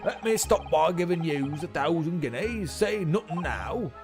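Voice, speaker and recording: A man's voice: on the high side, animated, measured pace. A man doing a boastful brogue-talking defendant. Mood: grandiose. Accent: put-on Irish-style brogue, admittedly bad. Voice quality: folksy, chummy, grandiose. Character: boastful man in the dock, showering strangers with money. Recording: game music behind.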